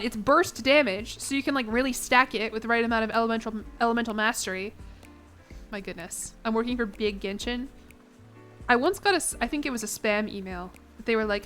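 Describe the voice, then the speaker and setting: With faint music playing behind her, a young woman streams a game and talks quickly in a fairly high, somewhat bright voice. She giggles and rambles as she chats casually with her live viewers.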